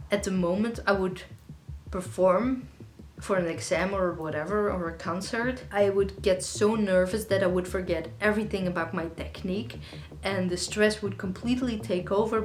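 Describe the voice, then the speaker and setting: A young woman, a singer-songwriter, answering viewer questions in a casual, rambling way with lots of fillers. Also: lowish voice. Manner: chatty, rambling, with frequent fillers. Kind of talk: casual Q&A vlog. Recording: echoey room with faint music.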